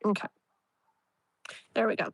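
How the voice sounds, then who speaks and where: A woman's voice: a little slow, no echo. A woman hosting a live tarot reading, chatting casually and leaning on "like" and "you know", with a soothing tone toward the viewer.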